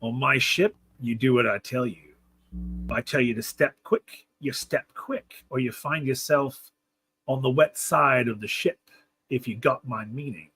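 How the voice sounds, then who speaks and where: A man voicing a gruff, bullying male ship officer who barks orders and threatens. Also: medium pitch, measured pace, pushed and bright. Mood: menacing. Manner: barking, menacing.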